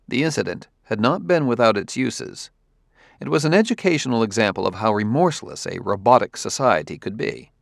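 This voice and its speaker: Give me a man with a low, gravelly voice narrating a novel, dry and close. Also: no echo. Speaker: audiobook narrator. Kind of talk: scripted narration.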